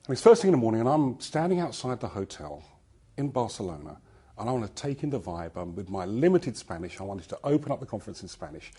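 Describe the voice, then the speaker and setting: A man tells a personal story from the stage in a low, warm, slightly husky voice. His delivery swings widely in pitch as he builds the tale. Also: fast talker. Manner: lively storyteller. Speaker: conference speaker. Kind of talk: personal anecdote in a talk.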